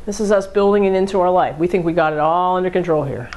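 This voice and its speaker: A woman's voice: on the low side, fast talker, darkish tone, slight background noise. A woman giving a conversational lecture on addiction, walking through everyday examples and acting out the thoughts behind them. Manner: conversational, acts out hypothetical inner thoughts. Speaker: addiction educator. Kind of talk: classroom lecture.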